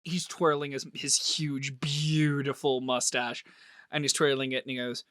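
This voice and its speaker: A man narrating a tabletop role-play game as game master, animated and laughing often. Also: mid-range voice, unhurried, dry recording, studio quality.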